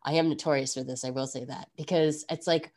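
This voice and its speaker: A woman's voice: sits low, fairly quick. A woman in her thirties hosting a podcast, chatting casually and reflectively with many asides. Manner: reflective, rambling, animated. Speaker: podcast host. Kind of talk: casual chat.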